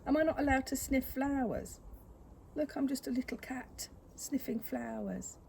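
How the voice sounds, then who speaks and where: A woman's voice: sits high, moderate pace, gravelly, darkish tone, slight background noise, voice pushed up. A woman putting on a sweet innocent cat voice. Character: innocent pet cat, playfully indignant.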